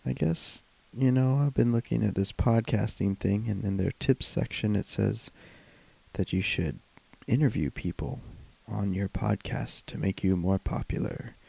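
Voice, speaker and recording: A man hosting a podcast, speaking in a hesitant, halting way. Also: on the low side, creaky, mellow, husky, rough recording. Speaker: podcast host. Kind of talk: casual intro.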